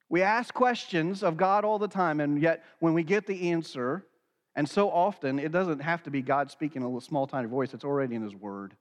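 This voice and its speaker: Pastor, man, sermon delivery, earnest, high voice, long hall reverb. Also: brisk. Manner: earnest, acts out quoted dialogue.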